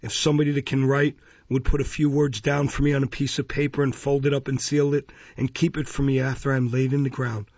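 A frail, meek workhouse boy, as a man reads him in a storybook, speaking faintly and with faltering earnestness in a husky, gravelly voice. The recording is dry and dull. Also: mid-range voice, little pitch movement, a little fast, a little mellow, dry recording, lightly acted. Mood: earnest.

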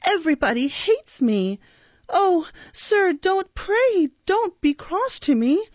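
A woman voicing a frightened little workhouse boy who pleads through sobs in a high, trembling voice. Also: sing-song, slow pace, no room sound, full character voice. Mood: sobbing plea. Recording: dull, dry recording.

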